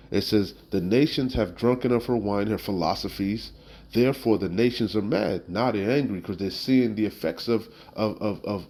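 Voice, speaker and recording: Reading Bible verses and then breaking them down in blunt, emphatic street-style talk, this preacher sprinkles in "you know?" asides and the occasional curse word. His voice is lowish and darkish in tone, and the recording is low quality.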